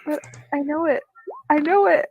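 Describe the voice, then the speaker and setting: A woman playing in a tabletop game, lively and enthusiastic. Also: sits high, normal speed, creaky, muffled recording. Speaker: player. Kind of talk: casual game chat.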